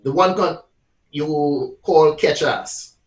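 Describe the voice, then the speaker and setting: A man's voice: a little high, slow pace, reverberant, recorded from a distance, poor audio. A man interviewing a songwriter, asking questions in careful, slightly grand wording. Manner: articulate, slightly grand phrasing.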